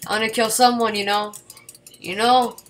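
Excitable woman yelling through gameplay commentary. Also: on the high side, moderate pace, a little hiss or hum. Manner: excitable, yelps and repeats words when panicking. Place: home computer desk at night.

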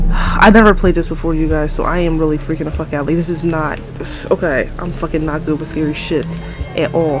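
Over loud music in a rough recording, a woman speaks briskly in a low voice with fairly even intonation during a horror let's play. She panics, swears nonstop, and yelps in fright at her viewers, using her own desk mic moved back so it won't clip.

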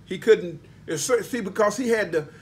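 High-voiced preacher, emphatic. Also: male voice, animated, a little slow. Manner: emphatic preaching with spelled-out words and folksy asides. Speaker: pastor. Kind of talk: sermon.

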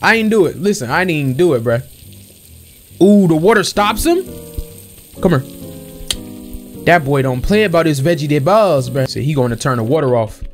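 A young man chats through his gameplay with a lively, swooping voice set a touch high. He talks slang and pleads with the characters on screen, with faint music behind him. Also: fast talker, few pauses. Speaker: gameplay streamer. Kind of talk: casual let's-play commentary.

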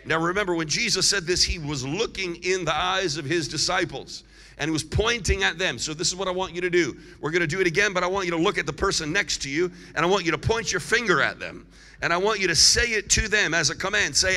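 Evangelist preacher, male, piercing bright tone, call-and-response sermon, long church-hall reverb. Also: high voice. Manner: preaching with call-and-response and emphatic drawn-out declarations.

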